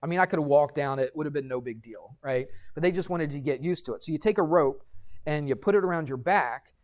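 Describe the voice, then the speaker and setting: A middle-aged man, a math teacher, telling a story to his class and lecturing in an animated way, checking in with students as he goes. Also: on the high side, fast. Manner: animated, addresses students directly with frequent "right?".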